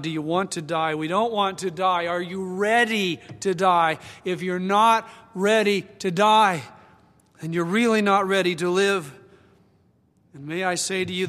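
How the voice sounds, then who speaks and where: An older man delivers an earnest, reflective sermon, his voice sitting a little high. He slows and softens at tender moments. His words carry a long reverb from a large church hall. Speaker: pastor.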